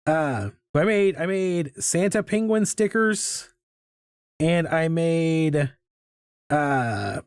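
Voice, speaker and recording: A middle-aged man with a fairly high voice chats casually as he sketches, wandering from topic to topic and poking fun at himself. His sound is dry and close, with no room around it. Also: expressive, slow pace, clear, resonant tone, no room sound. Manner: rambling, self-mocking and chatty. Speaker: artist hosting a live drawing stream. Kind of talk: casual chat while drawing. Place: home art studio.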